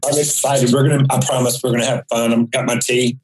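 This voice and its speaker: A man's voice: mid-range voice, flat delivery, a little fast, darkish tone, faint music behind, rough recording. Folksy man telling stories. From rural North Carolina. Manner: folksy, vivid anecdotal storyteller. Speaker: guest psychic. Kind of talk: casual storytelling.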